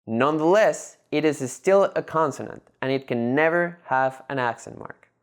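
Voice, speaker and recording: A teacher reads a prepared lesson in a lively voice that rises and falls a lot. The delivery is measured and methodical, with words broken into separate syllables. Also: medium pitch, smooth. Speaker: language teacher. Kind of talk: scripted lesson narration.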